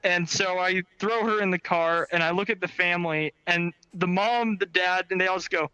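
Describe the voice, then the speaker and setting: Bright high-voiced man telling a story. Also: moderate pace, clear, resonant tone, no room sound, rough recording. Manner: animated storytelling, swears freely. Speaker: storyteller recounting bail bond work. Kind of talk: casual anecdote.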